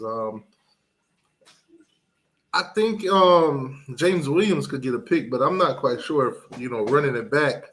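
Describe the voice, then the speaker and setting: Reading chat picks aloud during a laid-back sports live stream, this man muses with plenty of ums. His medium-pitched voice keeps a measured pace, and a little hiss or hum runs underneath.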